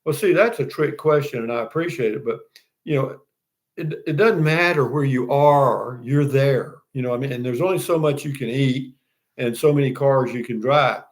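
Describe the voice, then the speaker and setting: A man's voice: mid-range voice, moderate pace. An older man with a Texan accent, hosting a casual live stream, reading viewer comments and chatting in a folksy, rambling way. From Texas. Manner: folksy, rambling, with frequent restarts and "you know what I mean".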